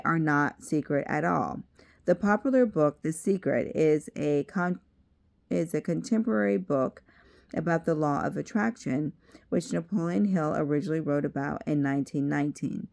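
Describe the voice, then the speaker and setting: A woman reading a self-help book aloud in a measured way, adding side remarks. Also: low-pitched, vocal fry, a little mellow.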